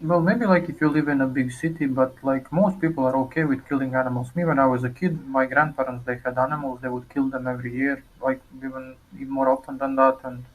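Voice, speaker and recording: A man's voice: medium pitch, fairly even intonation, quick pace, few pauses, rough recording. A man on the street, joining in a debate and objecting in an argumentative way. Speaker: passerby in a debate.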